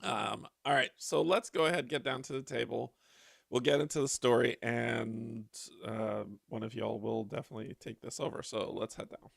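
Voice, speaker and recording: A man with a raspy, hoarse voice, chatting casually as host of a card game livestream and greeting his viewers. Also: mid-range voice, steady tone, normal speed, no echo, studio quality. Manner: chatty, laughs often, talks to his viewers.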